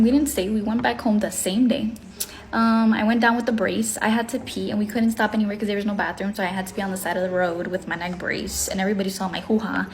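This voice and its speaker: A woman vlogger telling a dramatic get-ready-with-me story, acting out her own reactions and switching languages mid-sentence. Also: mid-range voice. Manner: mixes English and Spanish mid-sentence.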